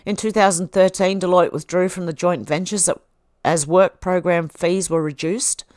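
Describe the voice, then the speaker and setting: A woman's voice: fairly low pitch, steady tone, normal speed, darkish tone, no echo, studio quality. A woman hosting a livestream, reading posts aloud and reacting in a chatty way. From Australia. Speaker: livestream host.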